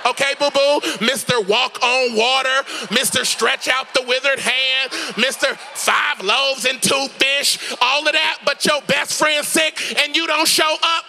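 A man preacher voicing a sassy, indignant woman who scolds loudly and refuses to leave the house. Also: very high-pitched, steady tone, a little slow, gravelly, hardly any pauses, faint music behind, voice pushed up, full character voice. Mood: sassy scolding.

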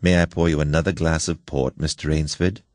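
A man's voice: a bass voice, little pitch movement, darkish tone, no echo, clean studio sound. A man reading as a suave, menacing aristocrat general. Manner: courteous, measured, slow menace. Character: suave aristocratic older male hunter general. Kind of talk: audiobook story reading.

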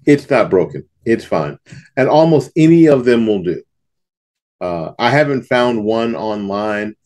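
A man's voice: lowish voice, a little mellow. A man teaching saxophone students in a casual, folksy talk to camera, often repeating himself and scatting rhythms aloud. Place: home studio in front of a backdrop.

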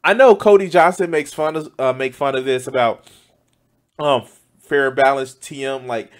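A man's voice: mid-range voice, moderate pace. A man giving loose, profane reaction commentary as a streamer, often exclaiming and laughing. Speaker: streamer reacting to news clips.

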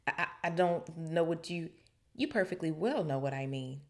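A woman's voice: low-pitched, lively intonation, fairly quick, a little mellow. A woman voicing a nervous male wizard teacher who stutters through his words in a storybook reading.

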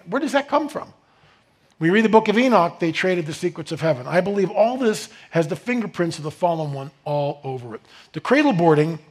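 Middle-aged guy lecturing a crowd, fairly high voice, gets loud and worked up on the questions, lots of restarts. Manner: emphatic, rising to near-shouts on rhetorical questions; rambling with restarts and asides. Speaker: speaker presenting a slide lecture. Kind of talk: animated lecture to a live audience.

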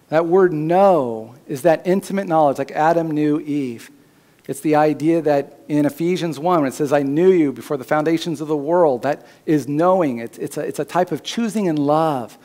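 A man preaching a sermon as pastor in a church, his voice climbing higher and louder when he voices God's words. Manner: preaching, rising loud and high when voicing God's words.

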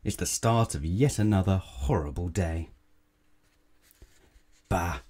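A man reads a sour, complaining storybook character who grumbles at everything, gruff and low. The voice sits deep and mellow, moaning rather than shouting. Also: takes it slowly. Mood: grumbling. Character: grouchy complaining grown man, always moaning. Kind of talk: storybook read-aloud.

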